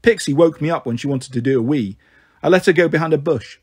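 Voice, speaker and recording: A man's voice: fast talker, a little mellow, slightly rough. A man reading a children's novel aloud, lifting his voice to play the characters. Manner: voices the characters with a raised pitch. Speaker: storyteller.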